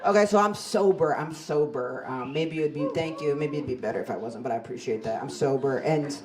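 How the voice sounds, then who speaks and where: A woman's voice: low voice, fairly quick. A woman in her forties doing a stand-up comedy set on a club stage, telling stories in a wry, self-deprecating, conversational way into a handheld mic. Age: 40s.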